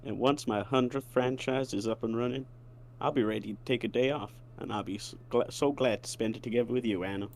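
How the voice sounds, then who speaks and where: A man's voice: mid-range voice, fairly even intonation, fairly quick, a little mellow, natural voice. A man putting on a Southern accent to voice a folksy, ambitious elderly chicken tycoon in a dating game, in courtly, old-fashioned phrasing. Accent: put-on American Southern. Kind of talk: voice acting a dating game character.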